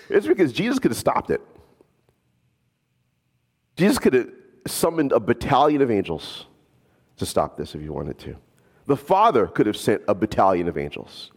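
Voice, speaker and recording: A man preaching a sermon as a pastor, animated and casual, slipping in jokes. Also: on the high side, big-room sound.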